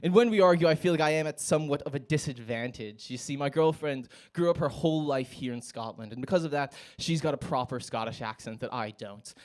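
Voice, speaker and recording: A man's voice: mid-range voice, fairly quick, hardly any pauses. A young American man performing a stand-up set in a comedy club, with a wry, self-mocking delivery.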